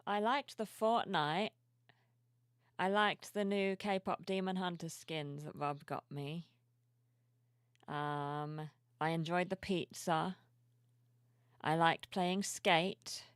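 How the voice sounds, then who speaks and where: A sleepy woman streamer chatting softly and cheerfully with her viewers at home, reading their messages aloud. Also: low-pitched, clear, resonant tone, dry recording, clean studio sound. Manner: soft-spoken, cheerful, reads chat aloud. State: sleepy, yawning. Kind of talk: casual live-stream chat. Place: home room with plushies.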